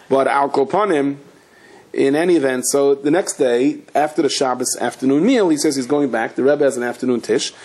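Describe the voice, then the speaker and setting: A man, a rabbi, giving a Torah lecture as an animated storyteller who acts out the characters with sudden high-pitched outbursts. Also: breathy edge.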